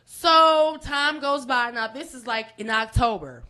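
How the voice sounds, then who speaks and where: A woman, guest on a podcast, telling a long story in an excitable, animated way. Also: measured pace, clean tone. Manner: animated, excitable storytelling with big pitch jumps and profanity. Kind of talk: storytelling in casual chat.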